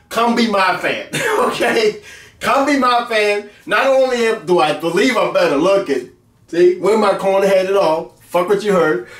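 Male vlog host, brash and boastful, swears constantly, high voice, echoey room, distant mic. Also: a bit bright. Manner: brash, boastful, heavy cursing, mock-angry outbursts. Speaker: web series host. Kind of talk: profane comic rant to camera.

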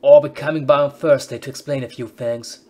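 A man voicing a gruff male British officer in a game playthrough, barking clipped orders in a put-on British accent. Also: mid-range voice, fairly even intonation, fairly quick, pitched above the performer's own voice, natural voice. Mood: bossy. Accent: attempted British. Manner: loud, bossy, clipped orders.

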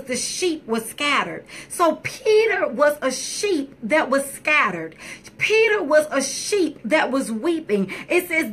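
A woman's voice: high-pitched, pushed and bright, husky, low-quality recording. A woman pastor preaching a sermon, building emphasis through repeated phrases. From United States.

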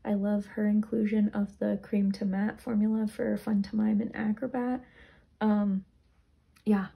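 A woman's voice: mid-range voice, little pitch movement, unhurried, gravelly, dull audio. A young woman casually reviewing products, chatty and rambling, sounding tired. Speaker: beauty vlogger.

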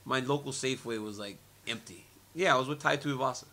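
A man in his forties, a former fighter turned commentator, tells stories in a media interview, laughing often and repeating phrases in an animated way. His mid-range voice moves fast, with a little hiss or hum in the audio.

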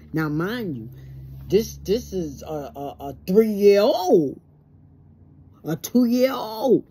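A woman's voice: on the low side, warm tone. A stressed woman talking plainly and emotionally in a personal vlog, acting out both sides of conversations. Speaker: vlogger. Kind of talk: personal monologue to camera.

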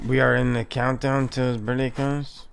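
A man's voice: mid-range voice, flat delivery, slow, creaky. Man, gaming streamer, casual chat, laid-back, trash talk, faint game noise behind. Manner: laid-back, trash-talking, laughs often. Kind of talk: casual gameplay chat with friends.

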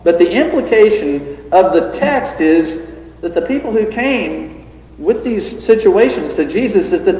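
Emphatic pastor preaching in an echoey church. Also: male voice, high-pitched. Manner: emphatic, rhetorical questions, varies loud and soft. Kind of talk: sermon. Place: church sanctuary. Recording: echoey hall, distant mic.

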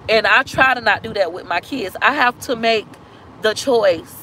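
A woman's voice: on the high side, sharp tone, slight background noise, poor audio. A woman vlogger telling a painful family story on a live stream, blunt and emotional, with casual slang and cursing. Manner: talks fast in bursts, slows down on hurtful points.

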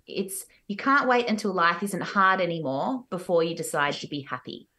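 Australian actress telling lively stories. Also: female voice, on the low side, normal speed. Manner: animated storytelling with laughs. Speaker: guest, musical theatre actress. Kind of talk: casual podcast chat.

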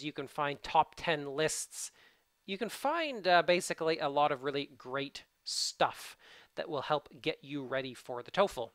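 Test-prep teacher, Canadian accent, brisk informal delivery, mid pitch, dry sound. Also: fairly bright tone, no echo. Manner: fast-talking, casual, informal asides. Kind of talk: video tutorial.

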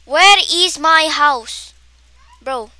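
A high-pitched woman chatters through her gameplay. Her bright voice takes its time, and she is playful and dramatic, with frequent gasps. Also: drawn-out words, no echo. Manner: excitable and dramatic, gasping, with playful exaggeration. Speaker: gameplay streamer. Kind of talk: casual gameplay commentary.

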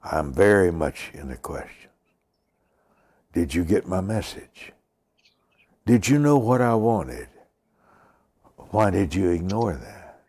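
An older man preaching and praying, slow and emphatic, repeating lines and dropping to a whisper. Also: deep voice, sing-song, darkish tone, husky. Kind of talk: sermon with prayer.

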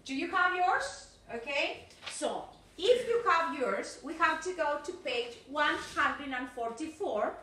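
A woman's voice: high-pitched, expressive, slow, pushed and bright, slight background noise. A middle-aged woman teaching an English video lesson, chatty and encouraging, with frequent "okay" and "yes". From Argentina. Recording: echoey room, distant mic.

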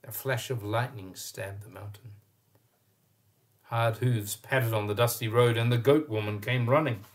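Man reading a children's story aloud. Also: medium pitch. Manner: expressive, pauses to point at pictures.

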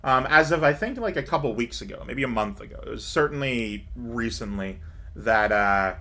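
A man hosting a let's play, rambling and digressive in casual commentary, growing excitable. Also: mid-range voice, normal speed.

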